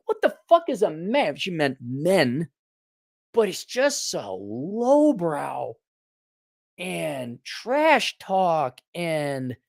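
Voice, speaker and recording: A man's voice: high-pitched, vocal fry. A male host delivers a blunt, sarcastic rant full of profanity and rambling restarts. His voice rises and falls a lot. The sound is dry and close, with no room echo. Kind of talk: casual commentary rant.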